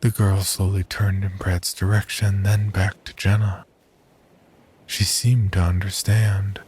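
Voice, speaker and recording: A man narrating a horror story in a measured, scripted storytelling manner. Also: deep voice, little pitch movement, darkish tone, a little hiss or hum.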